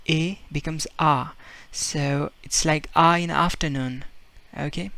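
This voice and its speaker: A man's voice: fairly high pitch, measured pace, a bit bright, no echo. A man giving a casual video language lesson, explaining with fillers and repeating example words as he acts them out. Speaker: Spanish teacher.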